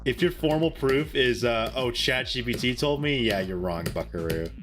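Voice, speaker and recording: A man's voice: medium pitch, moderate pace, over music. A young man streaming a game and defensively joking back at his chat. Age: young adult. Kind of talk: casual live-stream chat.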